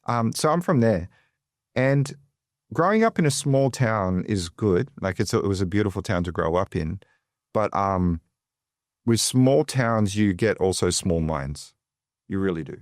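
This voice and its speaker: This is an Australian man with a fairly low voice, talking casually as a guest on an interview show. He rambles a little and leans on fillers as he tells his story. The sound is dry and close, with no room echo. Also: animated, measured pace. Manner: chatty, digressive, many fillers. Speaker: guest, financial advisor.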